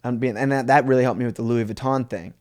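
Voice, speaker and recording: A young adult man co-hosting a comedy podcast, telling stories in a relaxed way and teasing playfully in casual banter. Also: medium pitch, quick pace. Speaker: podcast co-host.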